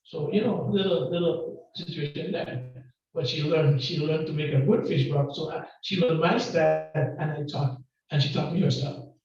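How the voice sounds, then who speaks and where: A man with a Grenadian accent preaching a lively sermon and joking back and forth with the congregation. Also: a little high, moderate pace. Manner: loud, call-and-response, joking with the congregation. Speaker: guest preacher. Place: church hall. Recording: distant, echoey and muffled hall recording.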